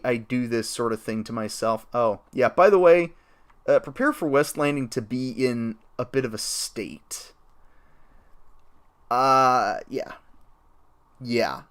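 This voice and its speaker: Male streamer, casual rambling game commentary, lively up-and-down delivery, keyboard typing behind. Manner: rambling and chatty, with excited jumps in pitch.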